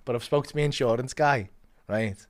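A man's voice: medium pitch, moderate pace. A young man tells a comic story on a podcast. He swears freely and laughs as he goes. He acts out the voices of the people in it. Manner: animated, swearing, laughing, acting out other voices.

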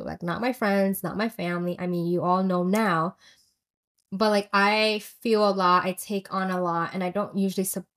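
A young woman telling a personal story in a chatty, candid way, with lots of filler words. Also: medium pitch. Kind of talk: casual confessional storytelling.

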